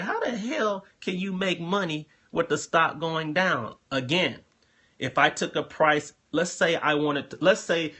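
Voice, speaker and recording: A man with a bright, forceful voice and a husky grain explains things to his viewers in a live phone stream. He talks loosely and directly to them and often circles back and repeats words as he goes. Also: medium pitch. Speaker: host answering trading questions.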